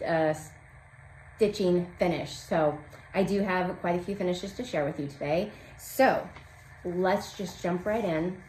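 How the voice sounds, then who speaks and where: This craft vlog host, a woman in her forties, keeps things chatty and upbeat, filling her talk with lots of ums. She has a medium-pitched, slightly mellow voice. Her room echoes, and a faint hum runs underneath.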